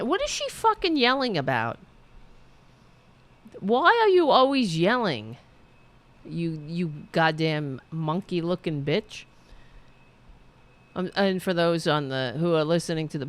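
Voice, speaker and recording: A woman hosting political commentary, ranting in a profane, sarcastic and heated way and reading out viewer chat. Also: on the low side. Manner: reads viewer chat aloud.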